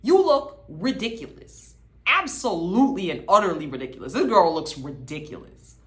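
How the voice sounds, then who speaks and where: A woman's voice: fairly low pitch, very animated, normal speed. A woman hosting a casual TV recap, talking in a sassy, gossipy, dramatic way. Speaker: host.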